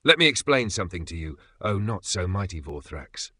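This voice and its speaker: Man doing a sarcastic seasoned knight, dry and unbothered, bright forceful tone, dead dry sound. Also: low-pitched, very animated, normal speed, husky, dry recording, heavily acted. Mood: steady lecturing. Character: weary, sardonic veteran male knight, unflappable.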